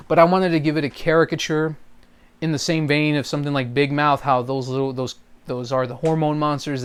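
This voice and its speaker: A man's voice: mid-range voice, clear, resonant tone. A man talking casually about voice acting and impressions, rambling with many fillers. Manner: rambling, full of fillers and trailing phrases. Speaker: hobby voice actor. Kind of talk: casual vlog talk.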